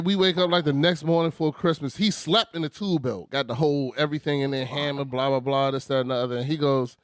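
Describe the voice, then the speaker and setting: A man tells stories in an animated, slangy way, laughing often. His voice sits slightly high for a man. The recording is dry and close. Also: smooth, dry recording. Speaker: podcast co-host. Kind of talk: casual storytelling chat.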